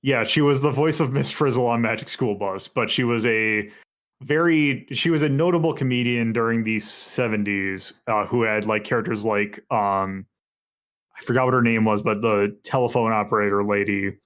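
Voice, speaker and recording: A man's voice: mid-range voice, fairly even intonation, fairly bright tone. Rambling male game master. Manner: halting, meandering narration. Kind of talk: narrating a tabletop game.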